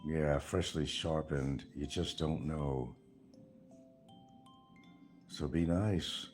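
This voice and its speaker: An older man talks on his own livestream in a very deep, low register. He rambles from one remark to the next with a sarcastic edge and chuckles at his own jokes. Faint music plays in the background. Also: fairly even intonation, extremely slow, a little mellow. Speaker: livestream host. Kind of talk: casual livestream chat.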